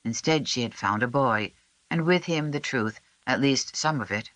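An audiobook narrator reading a historical novel in a measured, even storytelling voice. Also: mid-range voice, no room sound. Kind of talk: scripted narration.

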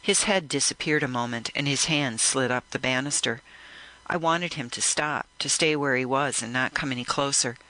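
A man narrating a first-person audiobook in a measured, reflective way. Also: mid-range voice, bright, forceful tone, dry recording, low-quality recording.

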